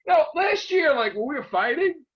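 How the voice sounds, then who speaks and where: A man vlogging in an excitable, profanity-laden rant. His pitch leaps all over the place as he rambles. The recording sounds dull and lo-fi. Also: normal speed. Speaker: YouTube vlogger. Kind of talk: casual rant to camera.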